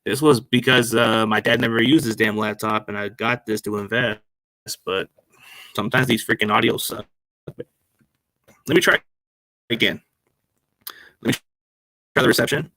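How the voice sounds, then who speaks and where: A man's voice: lowish voice, steady tone, normal speed, long pauses, sharp tone, no echo. A man hosting a sports podcast on a laptop mic, chatting casually and rambling in slang. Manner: rambling, slangy, addresses listeners as man and dude. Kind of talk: casual chat. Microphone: laptop microphone.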